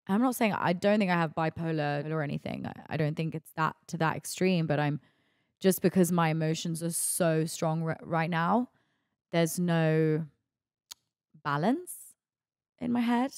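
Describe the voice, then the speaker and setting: A woman's voice: low-pitched, normal speed, no echo, studio quality. A woman, hosting a podcast in a candid, chatty monologue full of "like" and "you know". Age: 20s. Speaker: podcast host.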